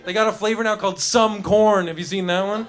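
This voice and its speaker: A high-pitched man on a comedy club stage, talking into a handheld mic. He rambles loosely through his bits and riffs with the audience, slipping into quick character voices. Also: fairly even intonation, a crowd in the background. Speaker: stand-up comedian. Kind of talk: live stand-up with crowd work. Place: comedy club stage before a laughing crowd.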